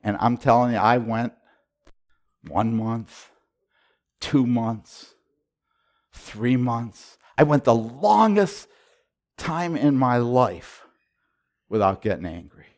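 A middle-aged man preaching a sermon as a pastor, retelling his prayers and moving between hushed and loud delivery, often repeating and restarting his words. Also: mid-range voice, slow, long pauses. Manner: repetitive restarts and stammers when excited. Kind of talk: sermon storytelling.

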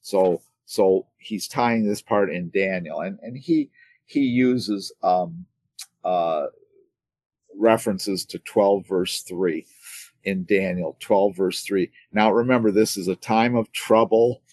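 A man's voice: deep voice, a little mellow, dry recording. A man teaching the Bible casually on a livestream from home. He rambles and restarts, repeating words as he thinks, and grows emphatic on key points. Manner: digressive, halting, repeats words while thinking.

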